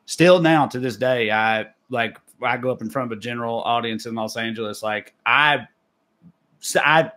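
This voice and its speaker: A man's voice: mid-range voice, normal speed, sharp tone. A man with a thick Appalachian Southern accent, a podcast co-host and comedian telling stories in casual chat, rambling with restarts. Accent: Southern US, Appalachian (Tennessee). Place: Los Angeles.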